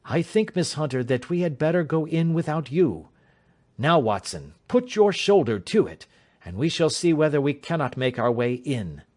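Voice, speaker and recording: A man's voice: a little high, moderate pace, pitched above the performer's own voice. A man doing a keen commanding detective. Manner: crisp, authoritative, animated.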